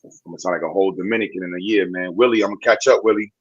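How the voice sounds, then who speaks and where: A man in a casual podcast chat, blunt and excitable, full of slang. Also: low-pitched, rapid-fire, dull audio, slight background noise.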